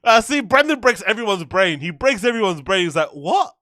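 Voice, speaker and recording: A man's voice: high-pitched, expressive, a little fast, sharp tone, no echo, studio quality. A male podcast host giving a casual, mocking reaction commentary and laughing often.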